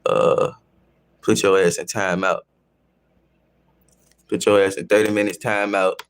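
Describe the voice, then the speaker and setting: A man's voice: fairly low pitch, little pitch movement, unhurried. A man hosting a live stream, speaking, confrontationally scolding his chat and repeating his phrases. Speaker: livestream host. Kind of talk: casual live-stream rant.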